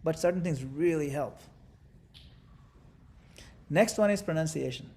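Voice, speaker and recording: High-voiced man teaching a devotional class. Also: measured pace. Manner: animated, demonstrative, playful asides. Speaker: spiritual teacher.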